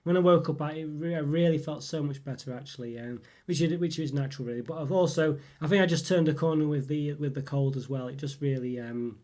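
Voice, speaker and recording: Male host, fast rambling vlog chat, slightly higher voice, still a bit rough from a cold. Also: a little mellow. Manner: rambling, many fillers and restarts. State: lingering cough, voice still rough. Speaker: channel host. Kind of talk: casual update chat.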